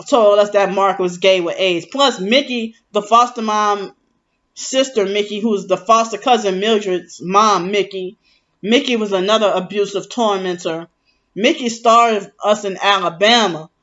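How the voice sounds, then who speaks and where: A man's voice: high-pitched, fairly bright tone. A man in an aggrieved, rambling personal monologue, often restarting and correcting himself. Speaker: vlogger. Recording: dull lo-fi recording.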